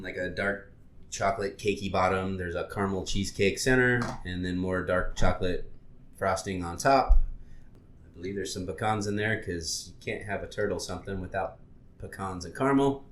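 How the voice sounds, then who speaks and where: A man's voice: sits low, moderate pace, a bit bright. A man co-hosting a podcast in a casual chat, describing food and laughing at himself. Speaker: podcast co-host. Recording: roomy echo.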